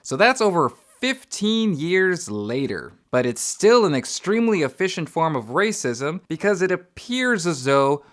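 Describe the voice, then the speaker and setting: A man hosting an educational video, explaining academic theory in an energetic, conversational way. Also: on the high side, unhurried, few pauses. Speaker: educator and channel host.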